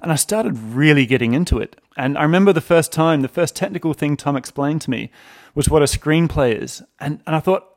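A man with a New Zealand accent chatting as podcast co-host, his voice sitting a little higher than most men's. He talks in a relaxed, self-deprecating way. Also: brisk. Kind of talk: casual podcast chat.

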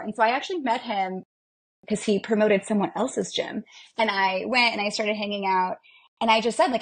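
A woman who fights and bodybuilds, a guest on a podcast, telling stories in a candid, self-mocking, animated way. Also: mid-range voice, normal speed, breathy edge. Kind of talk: casual interview chat.

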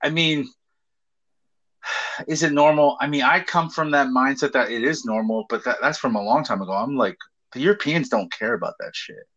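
A man's voice: mid-range voice, normal speed, a bit bright. A man co-hosting a casual chat, teasing and joking and often laughing. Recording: dull lo-fi sound.

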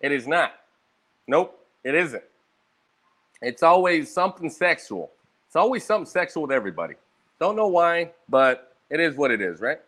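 A young man in a loose, profane ramble, tired and a bit hungover. His voice sits somewhat high and swings widely as he tells his stories. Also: moderate pace, long pauses. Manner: profane, rambling, animated storytelling. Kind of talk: casual rambling monologue.

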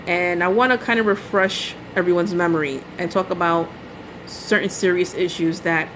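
A woman's voice: on the low side, fairly bright tone, a little hiss or hum, poor audio. A woman hosting a solo podcast, telling a story in an exasperated, ranting way with lots of "you know" and "like" and some mild swearing. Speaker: podcast host. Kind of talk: casual solo podcast monologue.

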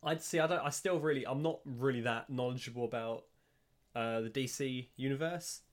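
A man's voice: medium pitch, normal speed. A man co-hosting a casual film podcast, easygoing, laughing often and sometimes unsure of details. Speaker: podcast co-host. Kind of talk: casual film commentary chat.

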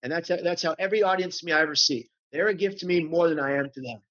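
An earnest man with a fairly high voice talks with emphatic conviction, often repeating his phrases for effect. The recording sounds dull and lo-fi. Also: quick pace, a bit bright. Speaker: guest speaker on mental health. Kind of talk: passionate conversational storytelling. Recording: dull lo-fi audio.

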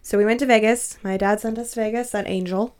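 A young woman tells a story in casual chat, swearing freely and breaking into laughter. Her voice sits in the middle of the pitch range, and her telling is loose and animated. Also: quick pace.

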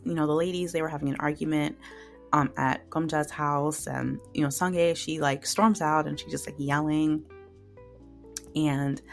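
A woman podcast host talks through drama episodes in a casual, heartfelt ramble. Her voice sits low with some vocal fry. Soft music plays faintly underneath. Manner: chatty, emotional, many fillers and "like". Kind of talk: casual solo recap.

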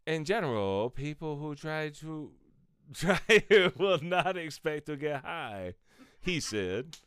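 A man's voice: on the high side, lively intonation, takes it slowly, fairly bright tone, clear, resonant tone, dry recording, clean studio sound. A man hosting a podcast who reads news headlines and cracks sarcastic jokes about them. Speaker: podcast host. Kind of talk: comedic news reading.

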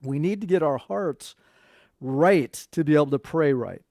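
A man's voice: fairly high pitch, animated, a little slow, vocal fry, darkish tone, dry recording. A middle-aged man preaching a sermon in a conversational way, quoting scripture and talking to his congregation. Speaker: pastor.

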